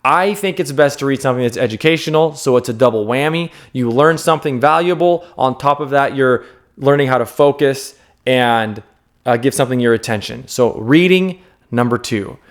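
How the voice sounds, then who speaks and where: A man in his late thirties talks off the cuff to his viewers, earnest and insistent. His pitch sits in an ordinary middle range, and he leans on repeated words to drive each point home. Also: normal speed. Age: 30s. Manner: checks in with the viewer with "okay?". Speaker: self-help vlogger. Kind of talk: unscripted advice monologue.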